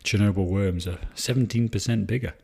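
A man's voice: lowish voice, fairly quick, vocal fry, dark tone, husky. A man co-hosting a casual film review chat, rambling with restarts and swearing for emphasis. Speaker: podcast co-host.

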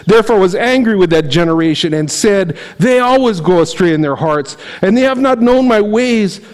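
A middle-aged man preaching in a relaxed, conversational way, his voice sitting a little higher than most men's. He reads scripture aloud and slips into lively storytelling. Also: moderate pace, poor audio. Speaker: pastor. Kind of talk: sermon.

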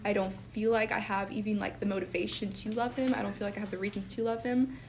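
A woman's voice: mid-range voice, steady tone, quick pace, slight background noise. A young woman sharing in a casual Bible study chat, earnest and full of fillers, getting tearful when moved. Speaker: Bible study group member.

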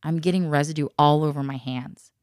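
A woman's voice: sits low, fairly even intonation, brisk, a little mellow, no room sound, clean studio sound. A woman in casual chat who tells stories at length, laughs often and acts out the people she quotes.

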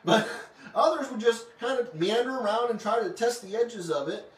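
A man hosting a casual Bible study, reading scripture aloud and joking about it in an animated way. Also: very high voice, moderate pace. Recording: roomy, distant mic with faint ambience.

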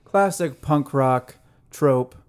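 A relaxed man talks through an album track by track on a casual podcast. He laughs easily and keeps an easygoing tone. His voice sits at a normal middle pitch. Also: slow pace, clean tone. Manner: easygoing, explains songs, laughs often. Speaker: podcast co-host. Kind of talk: casual music review chat.

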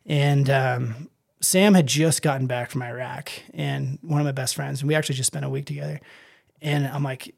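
A man's voice: medium pitch, fairly even intonation, normal speed, vocal fry, darkish tone. A man telling his own story in a casual interview, rambling with many fillers and acting out his own thoughts. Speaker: guest.

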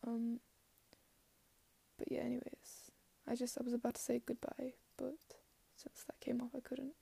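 A young woman in her late teens hosting a solo podcast. She rambles in a put-on Scottish accent, is hard on herself, and often trails off into soft murmurs. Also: on the high side, monotone, normal speed, vocal fry, slightly rough, no echo. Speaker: podcast host.

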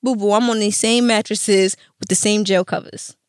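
A young woman telling her story as a podcast guest, animated and profane, acting out quotes in street slang. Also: mid-range voice, normal speed, clean tone, no room sound, clean studio sound. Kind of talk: candid storytelling interview.

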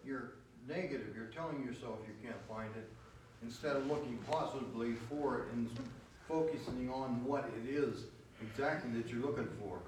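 A man's voice: medium pitch, normal speed, slight background noise. Man answering from the class, earnest, very echoey, far from the mic. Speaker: class member.

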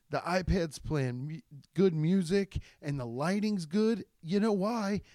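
A man's voice: a little high, darkish tone, no echo, clean studio sound. A man, a stand-up comedian, telling rambling, profane stories in a casual chat with many restarts. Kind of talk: casual storytelling podcast.

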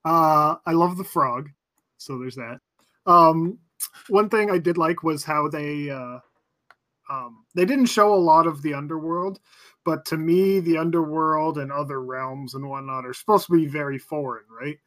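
A man chatting casually about a movie with friends, swearing freely, laughing often and trailing off quietly at the ends of thoughts. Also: a little high, measured pace. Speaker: podcast co-host.

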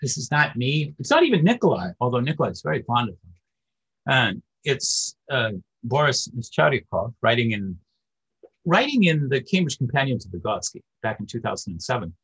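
Very husky, lively male lecturer. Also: mid-range voice, brisk, rough recording. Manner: discursive, with many fillers. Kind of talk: academic lecture.

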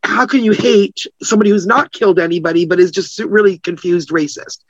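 A woman's voice: on the low side, a little fast, no echo. A woman being interviewed as a guest, talking animatedly, acting out quoted voices and laughing often. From Canada. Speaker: guest publicist. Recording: slightly muffled, dry sound.

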